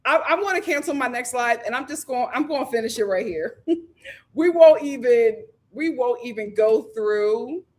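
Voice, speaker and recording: A woman's voice: fairly high pitch, animated, normal speed, darkish tone. A woman reviewing a reality TV show on a casual live stream, ranting with exasperation and breaking into laughter.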